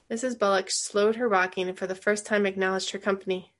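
Woman reading chapters of a novel aloud, unhurried, explains passages as she goes. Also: medium pitch, steady tone. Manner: pauses to explain the text to a listener. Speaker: reader.

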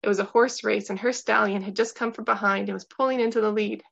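Gravelly woman narrating a story. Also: mid-range voice. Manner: measured, steady storytelling. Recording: dull lo-fi recording.

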